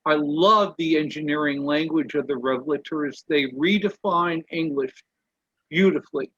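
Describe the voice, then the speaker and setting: A man reads passages aloud in a measured, deliberate way, leaning on the key words. His voice is high and a little husky, and he takes his time. The sound is dull and dry, like a video call. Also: fairly bright tone. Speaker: reader in a study webinar. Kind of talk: reading quotes aloud with commentary.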